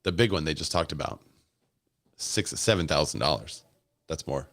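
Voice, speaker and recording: A man with a deep, low voice gives easygoing live commentary, thinking aloud and answering viewers' comments. The sound is close and dry, with no room around it. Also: lively intonation, normal speed, a bit bright, no echo. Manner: casual, musing, chats with viewers in comments. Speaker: host. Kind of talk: live commentary on a keynote stream.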